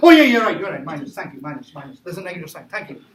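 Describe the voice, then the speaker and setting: A man with a high voice teaches calculus to a room of students, stressing points by repeating them and firing questions at the class. The sound is roomy and echoey, with a faint hiss of classroom noise underneath. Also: very animated, very fast. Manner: emphatic, repeats himself, quizzes students. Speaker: math teacher. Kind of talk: classroom lecture.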